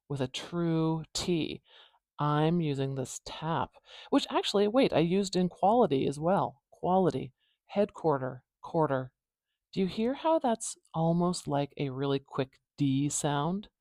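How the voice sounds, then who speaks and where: A Canadian-accented teacher walks through pronunciation at an unhurried pace. The speaker says sounds over and over, stretching them out for the listener. The recording is close and dry, with no room sound. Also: medium pitch, a little mellow, no room sound. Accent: Canadian English. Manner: patient, demonstrates sounds by repeating them slowly. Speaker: phonetics teacher. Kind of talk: casual tutorial explanation.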